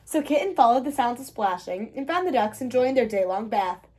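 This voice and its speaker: A woman's voice: fairly high pitch, brisk. Sing-song woman reading a storybook. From United States. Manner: bright, sing-song and expressive. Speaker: children's book reader, channel host. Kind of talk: read-aloud storytelling.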